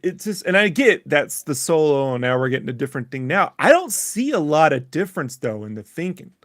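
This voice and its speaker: A man co-hosting a casual podcast chat, joking and laughing often in a slightly higher voice. His voice is recorded dry and close, with no room sound. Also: sing-song, fairly quick, fairly bright tone, dry recording. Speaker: podcast co-host.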